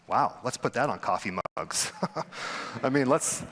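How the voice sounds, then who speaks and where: A young adult male pastor preaches in a relaxed, conversational way, breaking into animated mimicry of the people in his stories. His voice sits at an average pitch for a man. The sound carries a long hall reverb from the church sanctuary. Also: unhurried. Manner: conversational, acts out quoted voices with big pitch jumps. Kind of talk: sermon.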